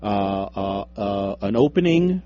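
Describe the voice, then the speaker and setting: A man's voice: lowish voice, expressive, slow, mellow. A young man co-hosting a radio show, bantering casually and teasing his co-host with frequent laughter. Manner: joking, teasing, laughs often. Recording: dull lo-fi radio stream.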